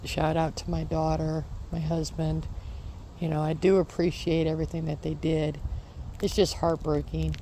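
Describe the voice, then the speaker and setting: Out in her garden, a homesteading vlogger chats casually, rambling and repeating her reassurances. Her voice is deep and warm, delivered flatly at a moderate pace, with slight background noise in the recording.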